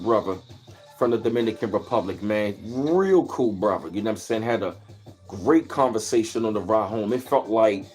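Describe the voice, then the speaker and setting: Speaking from his Maryland home, a male livestream host with a somewhat low, slightly mellow voice spins rambling, easygoing stories. He pauses between them to greet his viewers.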